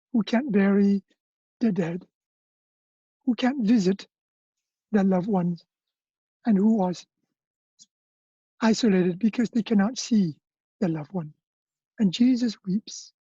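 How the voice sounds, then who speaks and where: A woman leading an online retreat, giving a gentle, prayerful reflection and guided prayer with hesitant restarts, over a video call. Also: medium pitch, husky, no echo. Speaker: retreat leader. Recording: muffled lo-fi video call audio.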